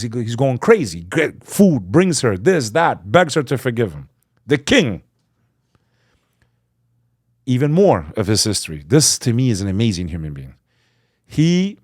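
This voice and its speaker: Fervent low-voiced man telling a story. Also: no room sound, studio quality. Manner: fervent, swings between loud emphasis and hushed asides; acts out quoted speech. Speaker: podcast guest. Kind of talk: impassioned storytelling in conversation.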